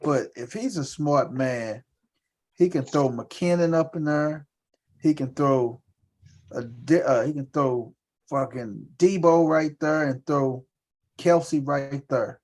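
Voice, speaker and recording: A man co-hosting a live show, talking fantasy football picks in loud, profane, animated banter. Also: on the high side, takes it slowly. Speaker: podcast co-host. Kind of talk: casual sports chat.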